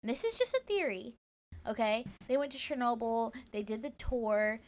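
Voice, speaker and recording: Chatty woman podcast co-host, slightly high. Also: normal speed. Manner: chatty, animated storytelling. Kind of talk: casual podcast chat.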